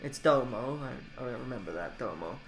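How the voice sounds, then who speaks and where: A man's voice: mid-range voice, animated, brisk, gravelly, soft background music. A man reading pronunciation notes aloud and adding grumbling, casual asides about the spelling. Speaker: self-taught language learner. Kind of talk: reading aloud from a book with personal comments.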